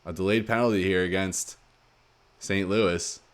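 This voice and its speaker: A low-pitched man commentates a hockey video game in play-by-play style. He talks through the action quickly and surges in excitement when goals go in. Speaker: gaming commentator.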